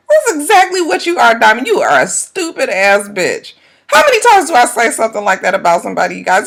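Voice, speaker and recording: A woman recapping a reality TV episode on her vlog, loud and profane, laughing and acting out the cast's lines. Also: very animated, brisk. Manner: loud, profane, laughing, swinging from low mutters to high shrieks; acts out the cast members' lines in quoted voices. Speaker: YouTube reality-TV reviewer.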